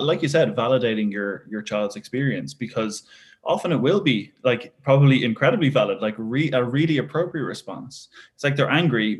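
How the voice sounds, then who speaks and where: A man hosting a podcast, asking questions in a conversational way with frequent restarts. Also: medium pitch. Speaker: podcast host. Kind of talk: podcast interview.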